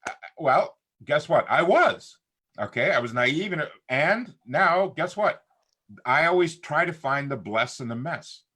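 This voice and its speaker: A man's voice: a little high, a little slow, husky. A middle-aged man in casual conversation as a talk show guest, telling stories and acting out what people said. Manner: animated storyteller who acts out quotes.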